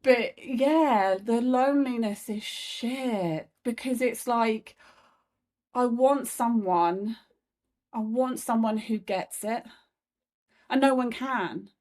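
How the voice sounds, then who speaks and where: A woman speaks with a slightly higher voice, frank and unguarded, dropping swear words as she reflects on herself. She is a comedian talking as a guest in a candid conversation. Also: slow pace, a little mellow.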